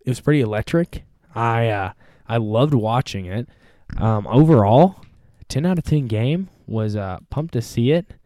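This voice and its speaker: A young man hosting a casual sports talk show, energetic and rambling, with many fillers and restarts. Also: mid-range voice, a little slow, dry recording, clean studio sound. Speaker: podcast host.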